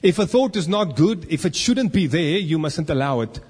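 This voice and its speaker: A man's voice: fairly high pitch, normal speed, slightly rough. A man preaching a sermon, acting out the inner voices of the people he talks about. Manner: animated, acts out inner voices. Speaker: pastor. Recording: long reverb of a church hall.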